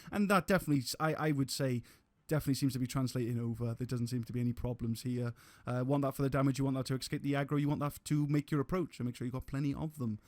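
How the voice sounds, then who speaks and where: A man's voice: mid-range voice, dry recording. A man giving casual gameplay commentary on a live stream, rambling with restarts and casual swearing.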